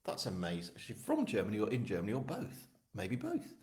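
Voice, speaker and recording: A man's voice: medium pitch, wildly swooping pitch, fast talker, hardly any pauses, mellow. A man from England hosting a live book launch, chatting casually with viewers in a rambling, self-deprecating way. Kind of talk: casual live-stream chat. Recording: echoey room.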